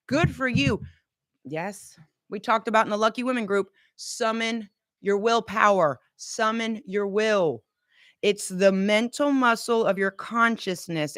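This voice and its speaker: A woman in her forties giving an energetic motivational pep talk as coach and host, urging listeners to repeat affirmations after her. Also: a little high, dry recording, studio quality. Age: 40s. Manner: energetic, exhorting, call-and-response.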